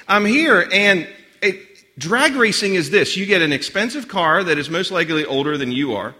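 A man's voice: fairly high pitch, bright, forceful tone. A man in his forties giving a sermon with personal stories, chatty and self-deprecating, full of asides and restarts. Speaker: guest speaker.

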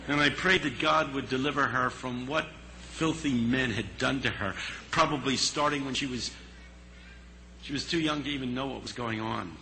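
A man telling a story in a sermon, earnest and dramatic, pausing for effect. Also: mid-range voice, creaky, pushed and bright, slight background noise, rough recording.

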